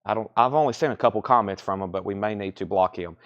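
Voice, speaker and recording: A man hosting a live record sale stream, briskly listing titles, conditions and prices and repeating them for viewers. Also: fairly low pitch, dull audio. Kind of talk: live sales stream chat.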